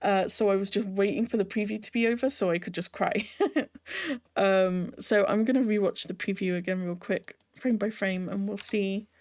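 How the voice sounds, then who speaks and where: A woman's voice: medium pitch, fairly even intonation, normal speed, darkish tone. A woman hosting a casual reaction video, chatty and emotionally invested, often laughing and tossing rhetorical questions to the viewer. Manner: talks straight to the viewer with rhetorical tag questions.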